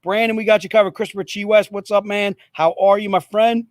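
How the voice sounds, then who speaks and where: A man with a fairly high voice runs a livestream comic book sale. He talks in an upbeat, repetitive hawking style with joking asides. The sound is dry and close, with little room. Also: level tone, brisk, no room sound. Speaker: host selling comic books. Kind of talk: livestream sales pitch.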